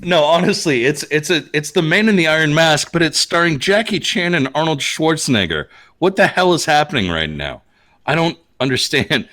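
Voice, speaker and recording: Bright-voiced ranting man from Minnesota. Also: a little high. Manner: animated, ranting storyteller who laughs often. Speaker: podcast host. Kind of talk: casual chat.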